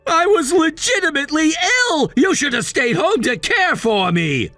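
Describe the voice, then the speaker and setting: A man voicing a controlling, scornful husband in a text-message story, dismissive and given to shouting. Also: extremely high pitch, wildly swooping pitch, a little slow, dry recording, faint music behind, exaggerated voice. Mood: angry, scornful. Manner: bossy and dismissive, shouting at times.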